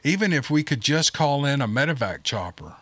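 A man's voice: medium pitch, very animated, fairly quick, fairly bright tone, no echo. A man voicing an earnest, determined woman warrior in an audiobook.

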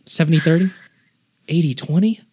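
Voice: medium pitch, fairly quick, warm tone, slight background noise. A playful quiz host who teases the players and laughs often.

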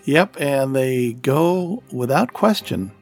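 A man's voice: mid-range voice, animated, takes it slowly, faint music behind. A man hosting a podcast interview, enthusiastic and teasing. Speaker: podcast host. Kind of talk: casual interview chat.

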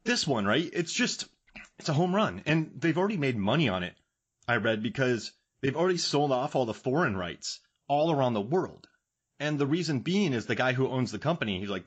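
A man's voice: mid-range voice, sing-song, breathy edge. A man hosting a podcast, chatting casually and enthusiastically about movies. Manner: enthusiastic, fast-riffing movie talk. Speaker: podcast host.

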